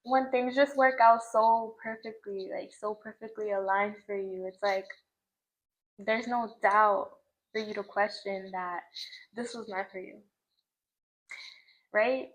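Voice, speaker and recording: A woman's voice: mid-range voice, fairly even intonation, slow pace, pauses often, rough recording. A young woman talking to the camera outdoors at a scenic view at sunset, reflective and emotional, with lots of "like" fillers. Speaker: vlogger. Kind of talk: casual spiritual vlog monologue. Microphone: camera in front of her.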